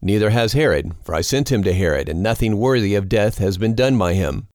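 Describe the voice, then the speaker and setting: A weary Roman governor, read by a man in a scripture reading making his case in a formal, reasoning tone. The voice is low and deep. The recording is dry and close. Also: lively intonation, fairly quick, a little mellow, no echo.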